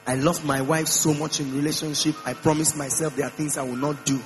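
A man's voice: little pitch movement, a little fast, low-quality recording. Emphatic preaching man, humming church mic. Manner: emphatic preaching with repeated phrases and sudden pitch swings. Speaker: pastor. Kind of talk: sermon. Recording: mains hum with faint music behind.

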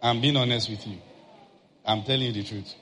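A man preaching, telling a personal story in an animated way and acting out shouted outbursts. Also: medium pitch, brisk.

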